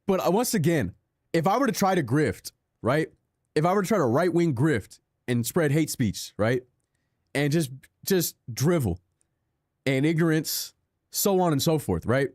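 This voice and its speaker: Young male streamer, fairly high voice, dry close sound; sarcastic, rambling self-deprecation. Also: sing-song, measured pace, darkish tone, dry recording. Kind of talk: casual live-stream chat while gaming.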